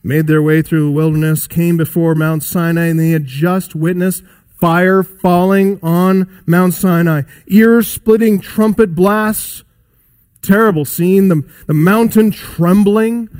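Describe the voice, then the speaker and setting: A man delivering a sermon in a somewhat high voice. He preaches emphatically, swelling and then falling quiet, and keeps putting pointed questions to his listeners. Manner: emphatic, rising and dropping in pitch and loudness; asks the congregation rhetorical questions.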